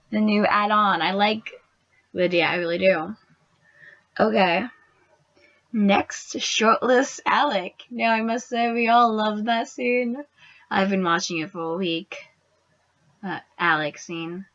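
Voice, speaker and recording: A young woman talks fast and eagerly about an episode she loved, gushing over the characters and now and then dropping into a hushed aside. Her voice sits in a middle range. The recording is dry and a little dull, like a basic home setup. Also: mid-range voice, dry recording. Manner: gushing, excitable, drops into whispers. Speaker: booktuber reviewing a TV episode. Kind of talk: casual video review.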